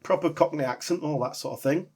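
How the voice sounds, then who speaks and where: A man's voice: on the high side, fast talker, darkish tone. A man co-hosting a podcast, chatting wryly about old sitcoms and laughing often. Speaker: podcast co-host. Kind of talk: casual chat about sitcom history.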